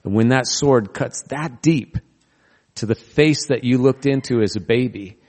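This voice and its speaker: A man's voice: medium pitch, unhurried, darkish tone. A man in the pulpit, delivering a sermon as a storyteller, earnest and now and then wry. His voice sits in an ordinary middle range. The sound carries a long reverb, like a large sanctuary. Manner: storytelling, earnest with touches of humor. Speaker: pastor.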